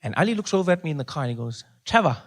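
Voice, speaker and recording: A man with a South African accent doing stand-up, telling animated stories and acting out the people in them. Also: a little high, very fast. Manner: animated storytelling with acted-out voices and laughter. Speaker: stand-up comedian. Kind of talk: stand-up comedy.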